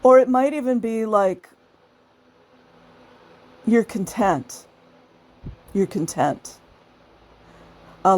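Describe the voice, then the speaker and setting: A woman's voice: mid-range voice, darkish tone. A woman hosting her own channel, talking casually to her viewers. She laughs often and acts out the people she describes. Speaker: channel host.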